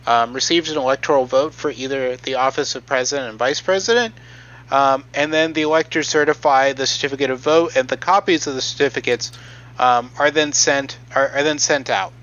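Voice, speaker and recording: A man's voice: fairly high pitch, brisk, a bit bright, highs cut off. A man on a podcast explaining a process from notes, hesitant and matter-of-fact with frequent ums. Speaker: podcast host presenting research.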